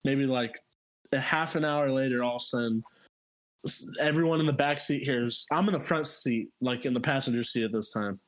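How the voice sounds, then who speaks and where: A young man casually telling a story on a podcast, animated and laughing, jumping into squeaky high voices for quotes. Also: normal speed. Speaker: podcast co-host.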